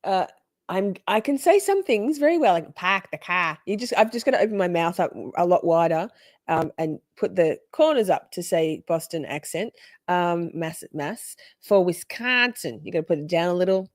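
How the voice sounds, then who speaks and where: A woman's voice: on the low side, fairly quick, mellow, no echo, clean studio sound. A woman with an Australian accent hosting a live stream, chatting freely and swearing as she reacts. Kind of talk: casual live-stream commentary.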